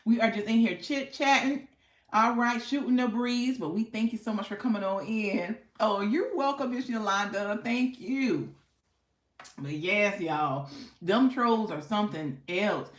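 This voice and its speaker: A woman's voice: medium pitch, unhurried, reverberant. A woman hosting a casual live stream, chatting playfully with viewers and laughing often. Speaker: livestream host.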